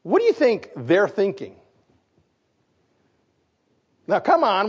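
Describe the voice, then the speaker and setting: Pastor, male, slightly high voice, lively sermon full of questions to the congregation, muffled lo-fi recording. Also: normal speed, few pauses, slightly rough. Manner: animated, questions the congregation, acts out quotes. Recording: dull lo-fi recording.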